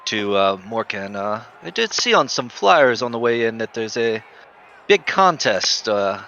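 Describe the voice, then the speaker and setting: Male player, gravelly and bright, muffled home audio. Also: on the low side, big pitch swings, a faint crowd. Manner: halting with many uhs. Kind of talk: in-character tabletop play. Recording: dull, slightly noisy stream audio.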